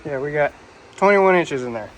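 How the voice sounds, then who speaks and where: A man's voice: on the high side, lively intonation, normal speed, noisy background. A man narrating his own shop project in casual talk, unsure and thinking aloud as he goes, a bit out of breath from the work. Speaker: DIY vlogger. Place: shop or garage.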